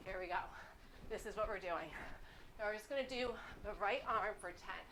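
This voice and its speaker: A woman's voice: medium pitch, moderate pace, background noise. A woman leading a cardio boxing workout, counting reps aloud in an upbeat, chatty way and getting slightly winded. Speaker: fitness instructor.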